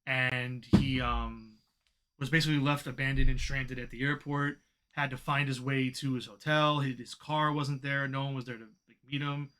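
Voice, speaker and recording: A man co-hosting a casual wrestling podcast, talking in an animated way and swearing as he vents. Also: mid-range voice, normal speed, smooth. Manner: animated, swearing, venting frustration. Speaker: podcast co-host.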